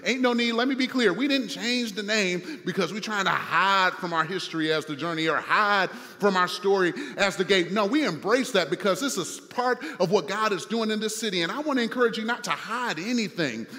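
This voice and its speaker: Male pastor, higher register, chatty preaching style, church hall reverb. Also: fairly quick, hardly any pauses, pushed and bright. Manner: conversational preaching with repeated phrases and fillers. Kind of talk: sermon.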